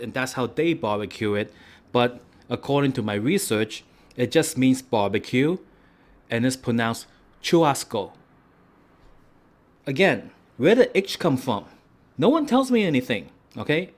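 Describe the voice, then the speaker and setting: A man hosting a food and travel vlog, joking and rambling in a casual way with lots of "right?". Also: medium pitch. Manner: playful, rambling, tag questions like "right?".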